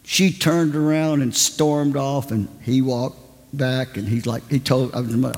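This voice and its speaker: A man's voice: mid-range voice, steady tone, a little slow, a little mellow. A man preaching a sermon, telling a story animatedly and acting out the voices of the people in it. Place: church. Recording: long church reverb.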